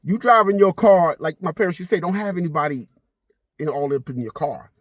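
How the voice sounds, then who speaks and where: Middle-aged male vlogger, husky and lively, swears freely, storytelling, dry close sound. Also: fairly high pitch, a little fast, no echo. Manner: animated, swears freely, slips into voices of people in his story. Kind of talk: casual storytelling to camera.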